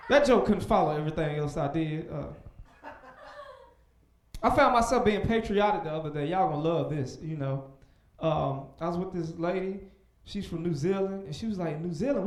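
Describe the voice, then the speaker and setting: Young male stand-up, high voice that swings wide, echoey club room. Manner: animated, with loud shouted voices for punchlines. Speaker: stand-up comedian. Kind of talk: stand-up comedy set. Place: comedy club stage.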